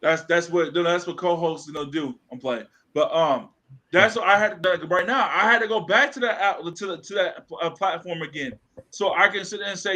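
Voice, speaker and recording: A man co-hosts a podcast in loose, casual chat, his voice sitting high and bright. He tells stories animatedly, acts out the lines people said, and swears freely along the way. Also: normal speed, rough recording. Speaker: podcast co-host.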